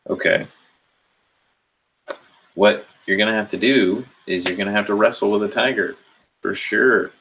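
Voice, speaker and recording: A man's voice: on the low side, measured pace, fairly bright tone, husky, rough recording. A man giving a rambling, earnest motivational monologue about inner growth, swearing casually as he talks. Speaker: spiritual self-help speaker.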